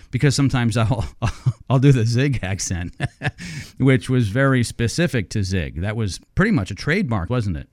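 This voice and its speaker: An upbeat man hosting an interview podcast, talking with easy enthusiasm and quick laughs. His voice sits at an everyday pitch, and the recording is close and dry with no room sound. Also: very animated, no room sound. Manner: enthusiastic and chatty, laughs easily. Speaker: podcast host. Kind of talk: interview chat.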